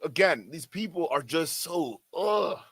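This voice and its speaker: A man reacting to clips on a stream, excitable and mocking, often repeating himself and swearing. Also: fairly high pitch, unhurried, breathy edge, no echo. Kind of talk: casual reaction commentary.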